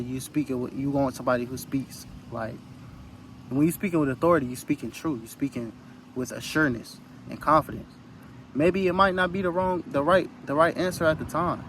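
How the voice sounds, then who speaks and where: A man's voice: mid-range voice, a little hiss or hum, rough recording. A man giving an earnest, rambling motivational talk into his phone outdoors, repeating phrases for emphasis. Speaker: spiritual vlogger.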